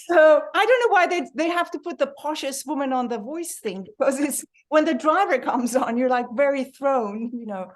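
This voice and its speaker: A woman leads a reading-group discussion over a video call. She talks in a chatty, animated way with plenty of fillers, and her voice sits fairly high. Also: moderate pace, hardly any pauses.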